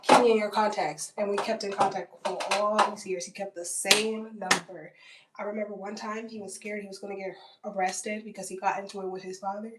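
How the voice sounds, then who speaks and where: Brisk and flat in delivery, this medium-pitched female vlogger in her 20s recounts a story bluntly, swearing and leaning on "like" and other fillers. There's noise in the background, and the recording sounds roomy, with her distant from the mic.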